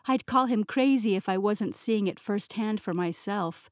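A woman narrating a fantasy audiobook in the first person with smooth, even pacing. Her voice sits in a middle range, recorded close and dry in a studio with no room sound. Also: mid-range voice, moderate pace, hardly any pauses, dry recording. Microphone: close studio mic.

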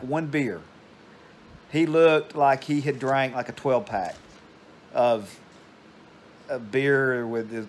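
A man's voice: medium pitch, slight background noise. An older man, casually telling a meandering story at home. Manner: meandering, digressive. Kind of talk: casual rambling anecdote.

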